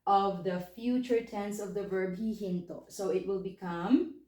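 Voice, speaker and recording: A woman's voice: medium pitch, fairly even intonation, unhurried, dark tone, echoey room. A woman teaching a language lesson, patiently explaining step by step and checking in with questions. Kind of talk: spoken lesson.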